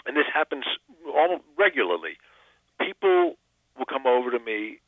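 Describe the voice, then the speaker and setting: A man's voice: mid-range voice, big pitch swings, normal speed, no room sound. An older man, an actor and comedian, chatting in a phone interview, self-deprecating and full of restarts. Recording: tinny phone line.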